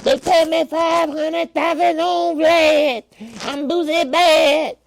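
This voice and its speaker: A man doing a high-pitched impression of a boastful rapper, bragging in a squeaky, excited drawl. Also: takes it slowly, vocal fry, heavily acted.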